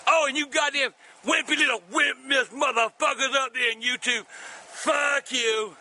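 An older man with a strikingly high, bright and sharp voice who rants in furious bursts of cursing. He swings into shouts, and faint background noise sits under his words. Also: steady tone, measured pace. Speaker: show regular, angry grandpa. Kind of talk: profane ranting to camera.

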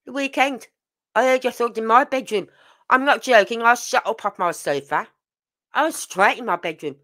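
A woman's voice: a little high, moderate pace, sharp tone. An older woman, hosting a true crime channel and giving casual, emphatic commentary full of rhetorical questions.

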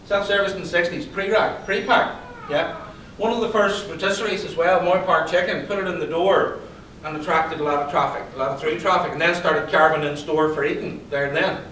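A man giving a motivational talk to an audience, telling stories and quizzing the crowd in a lively way. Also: on the high side, a little fast, a little hiss or hum. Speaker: conference speaker and psychologist. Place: event hall. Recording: roomy hall, distant pickup.

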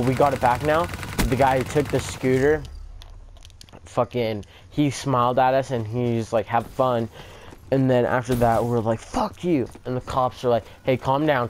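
A young man telling a rambling story-time vlog, swearing often and leaning on "like". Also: mid-range voice. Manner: rambling, swears a lot, fillers like "like". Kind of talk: casual story time over gameplay. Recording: gameplay gunfire noise behind. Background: video game gunfire.

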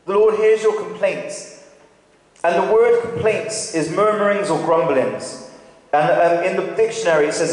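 Male preacher, higher voice, chatty questioning delivery, long church reverb. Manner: conversational, asks the congregation questions. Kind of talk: sermon. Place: church hall. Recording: very echoey hall with long reverb.

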